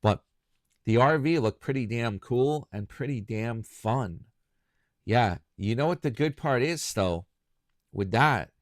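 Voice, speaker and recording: A man with a voice on the low side chats casually and at length with his YouTube viewers, frequently making himself the butt of the joke as commentary host. The clean studio audio carries no echo.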